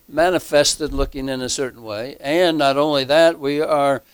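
Man teaching bible stuff, really slow, lots of uhs, repeats himself for emphasis. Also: mid-range voice, fairly even intonation, smooth, no echo. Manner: slow, halting, many fillers and restarts; emphatic repetition.

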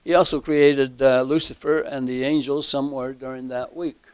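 A man teaching a Bible class, slow and halting, with many fillers and emphatic repeats. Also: medium pitch, little pitch movement, darkish tone, clean tone. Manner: emphatic repetition.

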